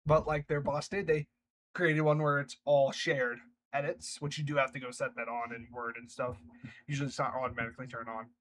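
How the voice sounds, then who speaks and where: A man's voice: medium pitch, level tone, fairly quick, fairly bright tone, slight background noise, rough recording. A man reading online workplace stories aloud, breaking off for chatty reactions. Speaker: reddit story narrator.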